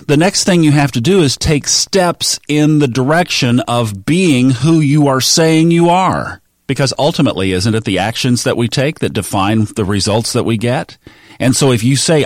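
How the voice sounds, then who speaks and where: A man's voice: mid-range voice, animated, measured pace, dry recording, studio quality. A man hosting a motivational podcast, coaching listeners earnestly and acting out their inner voices. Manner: earnest, coaching, acts out quoted self-talk. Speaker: podcast host.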